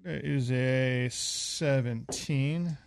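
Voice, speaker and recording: A man's voice: medium pitch, extremely slow, vocal fry, slight background noise. A man playing a tabletop game, thinking aloud as he plans his character's moves. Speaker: player.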